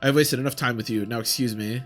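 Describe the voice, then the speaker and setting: A man's voice: medium pitch, fairly even intonation, fast, close to an everyday voice. A man voicing a frail but proud young prince who speaks coldly and dismissively. It is a plain read with faint music behind. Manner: cold, dismissive.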